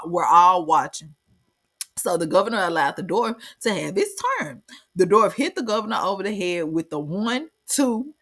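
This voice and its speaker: A woman reading a legend aloud and breaking off into slangy, joking commentary. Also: mid-range voice. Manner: slangy, animated asides, keeps saying baby. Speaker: channel host.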